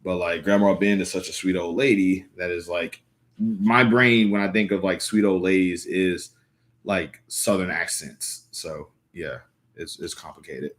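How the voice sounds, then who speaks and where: A man's voice: deep voice, steady tone, a little slow, a bit bright. A young man chatting casually on a live stream, rambling with lots of fillers and restarts. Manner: rambling, filler-heavy, self-correcting. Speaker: livestreamer reading comics aloud. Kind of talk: casual live-stream chat and comic read-aloud.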